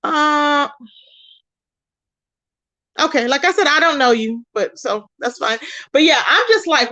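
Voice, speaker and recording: A woman hosting a casual livestream, telling stories in an animated, expressive way with loud exclamations. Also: sits high, unhurried, long pauses. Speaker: livestream host.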